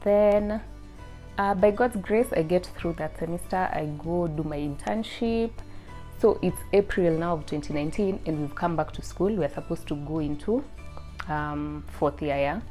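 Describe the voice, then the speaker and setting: A young woman, casually telling her personal faith testimony in a chatty, lively way. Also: lowish voice, moderate pace, faint music behind. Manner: chatty, lots of "like", lively, rising to loud excited bursts. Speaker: student sharing her testimony.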